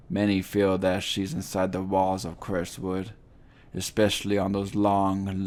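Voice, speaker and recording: A man reading a scripted ghost story in a slow, somber, deliberate way. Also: low-pitched, darkish tone. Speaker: narrator.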